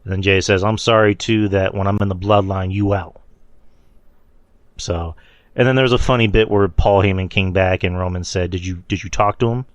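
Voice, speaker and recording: A man's voice: low-pitched, fairly even intonation, moderate pace, no room sound, highs cut off. A man hosting a podcast, casually recapping wrestling shows in a loose, rambling way, swearing and laughing at his own slips. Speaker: podcast host.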